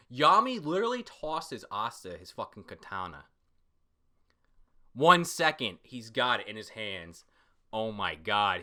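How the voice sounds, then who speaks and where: An excitable man reviews a comic chapter in a loose, casual way, and he swears freely. His voice swings widely in pitch and carries a bright, forceful edge. He breaks into sudden shouts. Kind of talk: casual reaction commentary.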